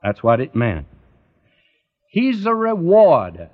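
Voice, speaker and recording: Guy preaching a sermon real slow, big rise and fall, kinda muffled old recording. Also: a little high, wildly swooping pitch. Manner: slow, emphatic, rising and falling preaching cadence. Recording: dull lo-fi recording.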